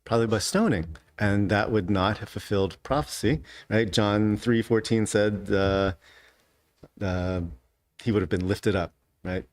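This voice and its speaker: Low-voiced man teaching a Bible class. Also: measured pace, no echo. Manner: conversational, asks rhetorical "right?" often. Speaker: Sunday school teacher. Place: church classroom.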